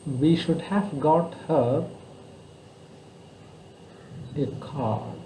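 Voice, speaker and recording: Slow patient Indian English tutor, echoey. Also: male voice, a little high, warm tone, a little hiss or hum. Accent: Indian English (Kerala). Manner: slow, patient explaining with many fillers. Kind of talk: online grammar lesson. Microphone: video call.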